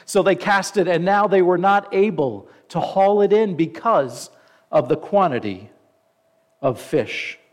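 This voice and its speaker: A man preaching a sermon. He reads scripture aloud, slows down for the quoted lines, and stops now and then to comment. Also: high-pitched, expressive. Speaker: pastor.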